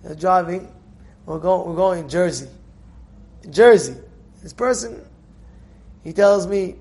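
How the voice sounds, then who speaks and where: A man's voice: high voice, slow pace, pauses often, a little mellow. A man giving an informal Torah lesson, telling stories animatedly with repeated phrases and acted-out dialogue.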